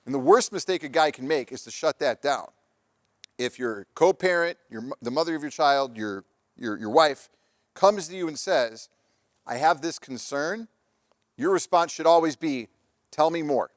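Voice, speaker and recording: Chatty male presenter, slightly high voice. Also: lively intonation, moderate pace, no room sound, clean studio sound. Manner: conversational, anecdotal, with frequent restarts. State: married father. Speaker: presenter on relationships and parenting. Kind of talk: live presentation talk.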